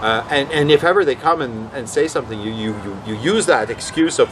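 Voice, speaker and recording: A man's voice: medium pitch, brisk, noisy background. A man telling rambling anecdotes in a casual vlog, often acting out what others said. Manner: rambling, animated, quotes others in voices. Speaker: vlog host.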